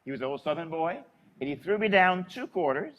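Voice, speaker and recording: A priest with a fairly high voice tells a homespun story from the pulpit. His delivery is conversational and folksy, and he chuckles as he goes. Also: sing-song, a little fast, a bit bright. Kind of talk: storytelling homily.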